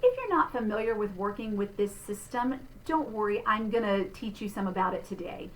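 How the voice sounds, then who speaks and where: A middle-aged woman, a vocal instructor giving a clear, patient pronunciation lesson with spoken demonstrations. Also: mid-range voice, expressive, normal speed, slight background noise, rough recording. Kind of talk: diction lesson.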